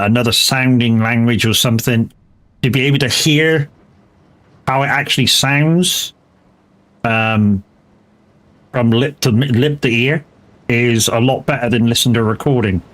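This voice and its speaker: This man streams live while gaming, talking in a mid-range voice that runs a little slow, with frequent pauses and a fairly bright tone. His chat is loose and wandering, peppered with offhand cursing and sentences he often starts over.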